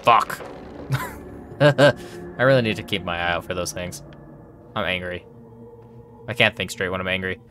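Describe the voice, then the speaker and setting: A man's voice: low voice, normal speed, long pauses, sharp tone, faint music behind. A man playing through a horror game, talking to the characters on screen, yelping and swearing at each scare. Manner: jumpy, yelps and swears, talks to the game characters. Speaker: let's play gamer.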